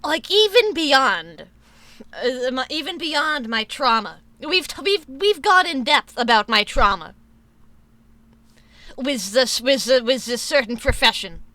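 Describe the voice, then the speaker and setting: Casting: woman streamer, high bright voice, dry close sound, profane rambling chat. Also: very animated, measured pace, no echo. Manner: profane, rambling, many restarts. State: sore tooth. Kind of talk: casual live-stream chat.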